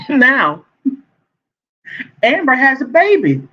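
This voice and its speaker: A celebrity gossip vlogger with a high voice dishes gossip in casual commentary, sassy and animated and laughing often. He speaks very slowly, and the recording has a dull lo-fi sound.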